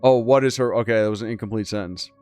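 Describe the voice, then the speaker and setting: A man's voice: fairly low pitch, fast, darkish tone, smooth, faint music behind. A man hosting a gaming channel, reading a game's story aloud with casual, crude commentary and disbelieving asides.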